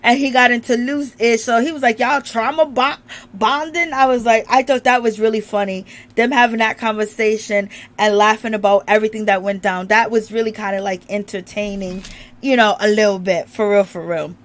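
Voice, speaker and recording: A woman's voice: medium pitch, steady tone, fairly quick. A woman chatting casually to her viewers about a reality show, laughing often and talking with a strained voice as she recovers from illness. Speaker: reality TV recap vlogger.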